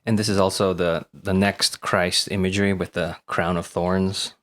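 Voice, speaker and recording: A man's voice: sits low, level tone, moderate pace. A man co-hosting a podcast in casual chat, dropping wry quips.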